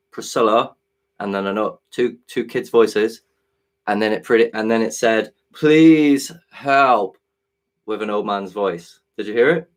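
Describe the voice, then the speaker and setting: Earnest low-voiced man live-streaming. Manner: earnest, hesitant, with restarts, explaining while working software. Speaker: livestream host.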